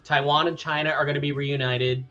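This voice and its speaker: A man's voice: on the high side, little pitch movement, a little fast, pushed and bright, highs cut off, slight background noise. A man co-hosting a casual podcast chat, explaining his theories in a confident, lecturing way. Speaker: podcast co-host.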